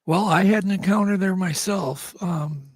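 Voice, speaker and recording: A male host chatting and asking relaxed questions in a casual interview. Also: sits high, moderate pace, no room sound.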